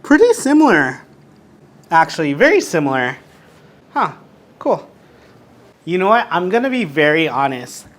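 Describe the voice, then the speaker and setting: A man's voice: a little high, big pitch swings, normal speed, long pauses, fairly bright tone. Tipsy man hosting a home cooking vlog. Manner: loose, swearing, ranting at the camera. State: tipsy from drinking. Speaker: cooking show host. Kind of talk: casual drunk cooking vlog.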